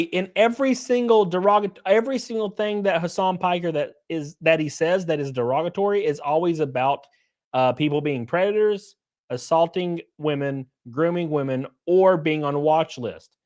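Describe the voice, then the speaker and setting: A man with a drawl hosts a live stream, talking crude and loose and laughing at his own jokes. His voice sits a little higher than most men's. He keeps up a running banter with his chat. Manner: crude, joking, laughs often, greets chat. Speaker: streamer host. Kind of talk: casual live-stream commentary.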